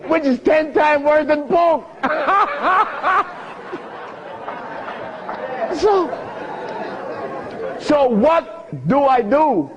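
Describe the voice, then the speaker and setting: An older man with a husky voice tells stories to an audience in an animated way, laughing often. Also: extremely high pitch. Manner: animated, laughs often, sing-song emphasis. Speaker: speaker giving a talk. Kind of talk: storytelling lecture to an audience. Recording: dull lo-fi archive recording.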